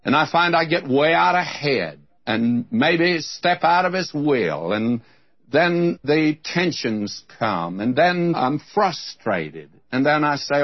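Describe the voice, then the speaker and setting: A man's voice: fairly high pitch, very animated, takes it slowly, no room sound, dull audio. A man teaching a sermon on scripture in an earnest, direct way, speaking straight to his listeners. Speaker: Bible teacher. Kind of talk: radio Bible teaching sermon.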